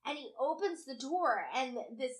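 A woman co-hosting a casual chat, telling an animated story with heavy swearing and acted-out quotes. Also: sits high, moderate pace.

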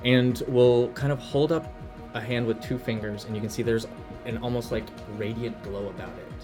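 A man narrating a tabletop game as game master, describing scenes in a halting, rambling way with many fillers. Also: medium pitch, fairly even intonation, music in the background.

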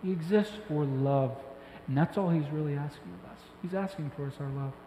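A man preaching a sermon as pastor, talking emphatically with excited bursts that drop back to a soft voice. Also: a little high, fairly quick, slight background noise. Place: church hall. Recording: echoey hall with faint ambience.

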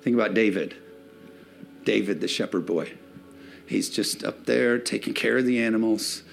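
Gravelly-voiced joking male pastor. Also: fairly low pitch, moderate pace, faint music behind. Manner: conversational, joking preacher voice. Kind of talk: sermon. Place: church sanctuary before a congregation.

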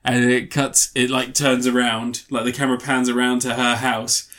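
A man's voice: mid-range voice, flat delivery, normal speed, a bit bright. Enthusiastic man rambling on a podcast. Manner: enthusiastic, rambling scene retellings with many fillers. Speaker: podcast co-host reviewing films. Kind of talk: casual chat.

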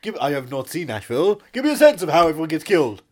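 A man's voice: on the high side, sing-song, quick pace. A man co-hosting a casual comedy chat, joking and slipping into silly voices. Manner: playful, keeps breaking into silly voices and made-up songs. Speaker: podcast co-host.

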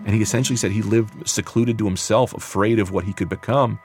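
A man's voice: on the low side, steady tone, fast, over music. A man, a comedian, telling a personal story in a casual, conversational way with loose phrasing.

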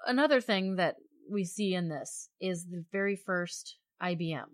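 A middle-aged woman chatting casually about a film, retelling scenes with lively quoted voices. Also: lowish voice, moderate pace. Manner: animated storytelling, acting out quoted voices. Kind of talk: casual chat reviewing a film.

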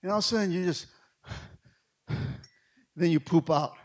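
A middle-aged man preaching a sermon, with energetic delivery that swings from loud calls to hushed asides. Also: high-pitched, moderate pace. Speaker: pastor.

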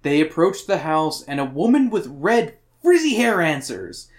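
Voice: medium pitch, sing-song, measured pace. A podcast host reading chapter summaries aloud in a casual book club chat, with crude and irreverent joking.

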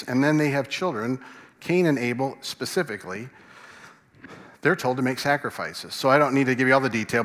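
In a church sanctuary, a pastor with a medium-pitched, slightly bright voice preaches in a conversational style, asking his congregation questions. Long reverb from the large hall fills the recording.

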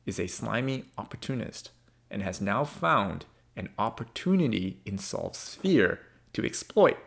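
A man preaching a sermon in an emphatic, expressive way, swinging between loud and soft. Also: mid-range voice. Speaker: pastor.

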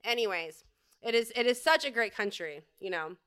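A woman's voice: a little high, animated, normal speed, fairly bright tone, clear, resonant tone. A woman hosting her own podcast, delivering an angry, profane, rambling solo rant. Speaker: podcast host. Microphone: home podcast setup.

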